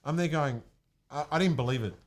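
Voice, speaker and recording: A young man with a slightly high voice tells a story in a casual chat. He sounds excited and animated, and he acts out the lines people said to him. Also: a little fast. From Australia. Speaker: guest, music producer.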